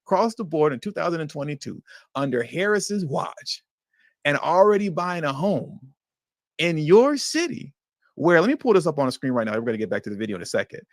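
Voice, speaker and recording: A man hosting a livestream, reacting to news clips with animated, indignant commentary that slips into slang. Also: on the high side, fast talker, dry recording, studio quality. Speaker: livestream host.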